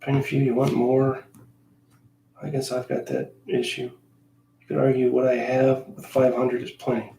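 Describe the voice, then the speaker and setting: Man, gravelly voice, casual grumbling chat, self-mocking, echoey room, faint background hum. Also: mid-range voice, completely flat delivery, moderate pace, warm tone. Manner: talks in a coaxing sing-song to his cat. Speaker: miniature painting hobbyist. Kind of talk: casual chat while painting.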